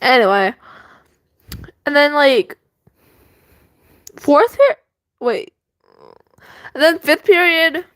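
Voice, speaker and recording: Teen girl vlogger, high-pitched, slow rambling delivery, giggly. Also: expressive, a bit bright, dry recording. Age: teens. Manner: rambling, giggly, lots of fillers. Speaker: student vlogger. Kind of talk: casual chat. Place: bedroom at home.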